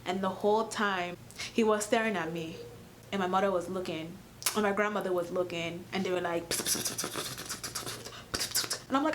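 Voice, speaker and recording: Young woman from Cameroon, casual storytime vlog, animated, sarcastic, laughs a lot, middle pitch, faint background noise. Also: normal speed, pauses often. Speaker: YouTuber.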